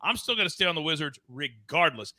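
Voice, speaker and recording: Male sports host, high, very bright voice, dry close sound, bouncy hype delivery. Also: lively intonation, fast talker, no room sound. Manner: loud, playful, swings up and down in pitch. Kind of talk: energetic sports betting show banter.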